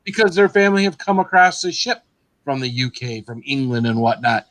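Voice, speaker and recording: Relaxed man explaining in a chat. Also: medium pitch, a little fast, no echo, poor audio. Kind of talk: casual chat. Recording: dry close sound.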